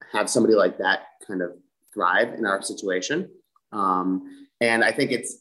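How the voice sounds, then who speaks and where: A man answering interview questions in a measured, explanatory way. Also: fairly low pitch, a bit bright, low-quality recording. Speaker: team executive.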